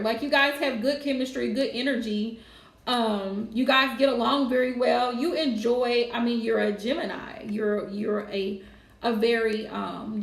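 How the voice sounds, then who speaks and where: A woman's voice: a little high, vocal fry, roomy sound. Chatty woman reading tarot live. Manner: chatty, casual, laughs often. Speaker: tarot reader.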